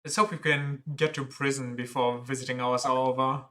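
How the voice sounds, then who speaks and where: This streamer plays through a story game at normal speed, their medium-pitched voice a bit bright and fairly even in intonation. They read the dialogue aloud plainly and crack jokes about the characters as commentary.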